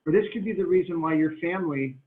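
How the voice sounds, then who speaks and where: A man speaking in a fairly high voice gives an emphatic motivational talk to a group, hammering home the same phrases and stretching words for weight. He sounds tinny and distant from the mic, as if coming through a call in an echoing room. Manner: emphatic, repetitive, drawn-out for emphasis.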